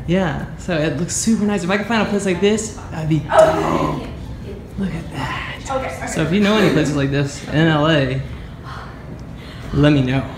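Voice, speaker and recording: A playful, chatty young man with a fairly high voice vlogs casually to camera at home at a measured pace, laughing often. He holds a phone camera in his hand, and crowd noise can be heard.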